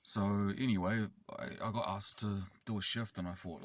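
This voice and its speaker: A man's voice: fairly low pitch, steady tone, moderate pace, far from the mic. A man, rambling and swearing as he tells a casual story in a car. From New Zealand. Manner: rambling, sweary, with many fillers. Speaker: vlogger. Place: inside a car.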